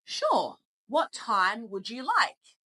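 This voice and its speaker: A woman's voice: a little high, wildly swooping pitch, extremely slow, bright, forceful tone, pitched above the performer's own voice, exaggerated voice. A woman doing a chirpy polite receptionist. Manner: courteous, upbeat, sing-song. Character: polite, cheerful female receptionist taking bookings. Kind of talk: acted example dialogue in a lesson.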